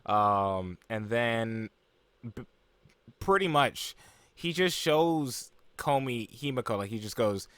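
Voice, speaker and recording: Young guy, anime reviewer, low voice, loose rambling recap, dry close sound. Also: moderate pace, fairly bright tone, clean tone, no echo. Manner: rambling, full of fillers and asides.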